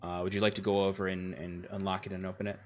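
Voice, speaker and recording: A man acting as game master, easygoing and quick to laugh. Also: low voice, little pitch movement, darkish tone, soft background music. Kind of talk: running a tabletop game.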